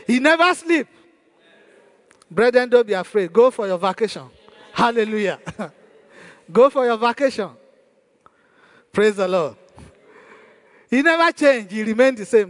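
A male pastor preaching a sermon in a church hall, emphatic and repeating his key phrases. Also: sits high. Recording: long church hall reverb.

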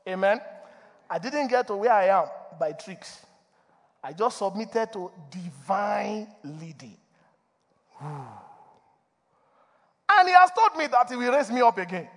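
A man preaching a sermon as a pastor, animated, asking for responses from the congregation and laughing between points. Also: high voice. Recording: long reverb of a church hall.

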